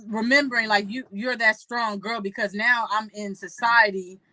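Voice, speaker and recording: A young adult woman co-hosting a casual chat show, telling stories in an animated way and quoting herself and others. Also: fairly high pitch, moderate pace, dry recording, poor audio. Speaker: co-host.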